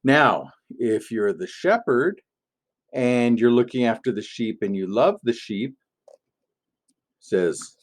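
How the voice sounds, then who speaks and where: A man, a pastor, giving a gentle, playful family sermon in an object-lesson style, with many pauses as he tells a story. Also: medium pitch, animated.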